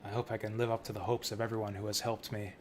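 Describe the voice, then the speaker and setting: A man reading the lines of an earnest, self-doubting young princess from a game, in his own mid-pitched voice. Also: little pitch movement, fast talker, darkish tone, slight background noise, natural voice.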